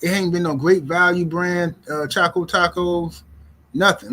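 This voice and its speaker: A middle-aged man hosting a livestream, talking casually in animated, slangy speech and repeating himself. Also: high voice, measured pace. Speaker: livestream host. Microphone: streaming mic.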